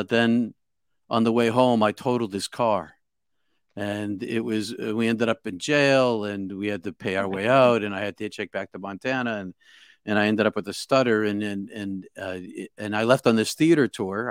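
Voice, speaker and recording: A man recounting his near-death experience as an interview guest, halting with many restarts and repeated words. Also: on the low side, no room sound, studio quality. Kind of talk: emotional first-person storytelling.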